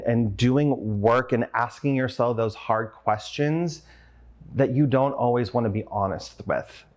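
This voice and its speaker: A man with a voice of ordinary pitch tells a personal story for a conference audience. He speaks earnestly and with open emotion, and he acts out the voices of the people in his story. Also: darkish tone.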